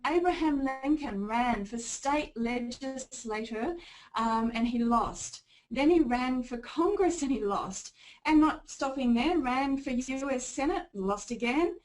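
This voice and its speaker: A woman's voice: on the high side, darkish tone, poor audio. A woman with a New Zealand accent giving a chatty, upbeat webinar presentation as a consulting trainer.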